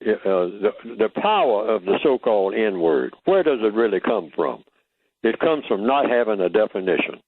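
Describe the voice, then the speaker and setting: A man's voice: medium pitch, dry recording. Man lecturing down a tinny phone line. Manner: emphatic, teacherly, poses rhetorical questions. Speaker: radio interview guest. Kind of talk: radio interview talk. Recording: tinny phone-line radio audio, dry.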